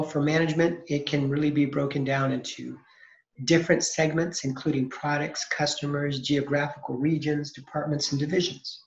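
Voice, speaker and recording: A man delivers a recorded accounting lecture in a fairly high voice, posing questions and then answering them, with the odd restart. The sound is roomy and echoey, and the recording is dull and lo-fi. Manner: explanatory, asks and answers his own questions, frequent restarts. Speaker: accounting instructor.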